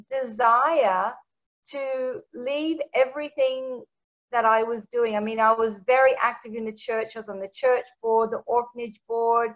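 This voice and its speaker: Woman telling her story, slightly high. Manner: lively storyteller who acts out quoted dialogue. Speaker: interview guest. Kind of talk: personal testimony storytelling. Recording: dull lo-fi recording.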